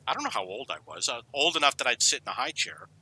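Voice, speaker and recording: A man's voice: medium pitch, very animated, racing, pushed and bright, husky, no room sound, poor audio. A middle-aged man from New York casually telling rambling personal stories, drifting off on tangents. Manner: rambling, digressive, anecdotal. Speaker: storyteller.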